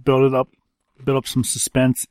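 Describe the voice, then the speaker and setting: A man co-hosting a podcast in casual chat, taking his time and teasing with a dry, drawn-out delivery. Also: medium pitch, completely flat delivery, a little mellow, no echo. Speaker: podcast co-host.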